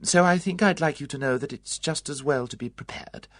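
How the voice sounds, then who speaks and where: A reader voicing a cheerful, competent matron of about fifty, chatty, brisk and comfortable. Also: medium pitch, no echo, clean studio sound, voice pushed up, natural voice.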